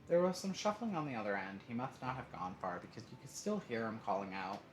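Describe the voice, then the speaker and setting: A man's voice: mid-range voice, animated, quick pace. A man streaming live, reading a story game aloud with casual asides. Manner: reads aloud with asides and laughs. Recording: roomy echo, faint noise.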